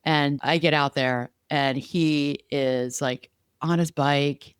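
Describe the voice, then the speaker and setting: A woman talks in a smooth, even-toned voice, recorded close and dry with no room around it. She co-hosts a casual podcast and tells her stories in an animated, chatty way. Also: deep voice, takes it slowly, dry recording. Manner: animated storyteller, lively and chatty. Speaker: podcast co-host.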